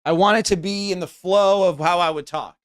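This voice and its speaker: A man's voice: sits high, fairly quick, smooth, dry recording, clean studio sound. An American man rehearsing stand-up on a live stream, rambling and self-mocking and starting his lines over again and again. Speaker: streamer trying out stand-up jokes.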